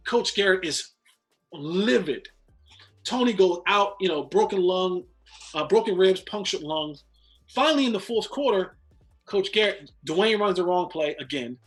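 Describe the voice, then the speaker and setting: A man's voice: high voice, fairly bright tone. A man, a former football player, telling a long story as a guest in casual chat, restarting and repeating words as he goes.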